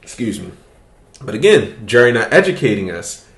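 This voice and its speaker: A man's voice: medium pitch, sing-song, normal speed, fairly bright tone, reverberant. A man hosting a podcast, telling a story in casual, profane chat and laughing as he goes. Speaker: podcast host.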